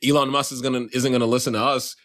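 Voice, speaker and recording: A man's voice: mid-range voice, level tone, racing, fairly bright tone. A young man co-hosting a casual podcast chat, rambling and restarting his sentences, swearing freely. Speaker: podcast co-host.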